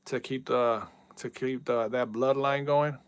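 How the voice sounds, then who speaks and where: Male game streamer, casual and talkative, smooth resonant voice, dry. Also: medium pitch, fairly even intonation, a little slow, dry recording. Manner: chatty, reads out viewer messages, yells at big plays. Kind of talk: casual live-stream chat.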